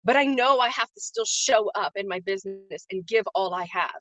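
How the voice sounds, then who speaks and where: A woman's voice: medium pitch, brisk, fairly bright tone, no echo. Woman on a livestream, earnest and emotional, repeats herself a lot, dry close sound. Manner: greets chat viewers by name. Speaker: livestream host and faith-based business coach. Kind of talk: live-streamed motivational talk.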